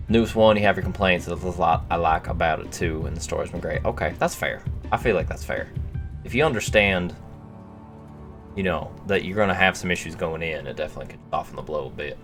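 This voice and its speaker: A man's voice: deep voice, a bit bright. A male streamer chatting casually with viewers in a put-on silly accent, reading chat messages aloud and rambling between them.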